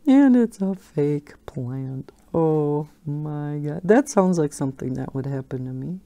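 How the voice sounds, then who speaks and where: Woman host, casual coloring chat, slow and easygoing, rambling with frequent laughs. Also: sits low, expressive, warm tone. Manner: chatty, rambling, laughs often.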